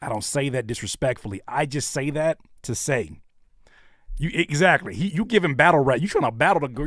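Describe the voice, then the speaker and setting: An American man giving live reactions to viewer music, joking and blunt, swinging between shouts and low mutters. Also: expressive, fairly quick, dry recording, clean studio sound. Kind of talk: animated live reaction commentary.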